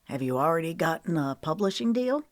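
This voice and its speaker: Audiobook: female narrator playing a weary male country star, lowered voice, soft and curious. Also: very animated, brisk, no room sound, studio quality.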